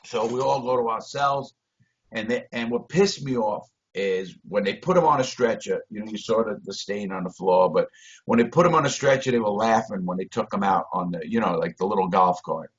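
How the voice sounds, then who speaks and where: A man's voice: on the low side, fairly quick. Blunt, profane man on a dull call. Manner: blunt, profane, swings loud and soft. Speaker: interview guest. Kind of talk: profane storytelling over a video call. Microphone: video call. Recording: dull lo-fi video call audio.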